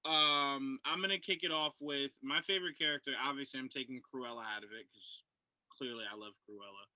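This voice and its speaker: A man's voice: mid-range voice, fairly quick, pushed and bright, no echo, low-quality recording. A man co-hosting a casual podcast film review, enthusiastic and repeating himself as he talks.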